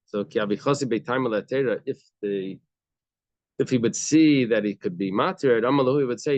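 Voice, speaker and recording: A man's voice: mid-range voice, a little fast, darkish tone, dry recording, muffled recording. A man teaching a daily Talmud class, reading short bits of Aramaic and then explaining them in casual, conversational English.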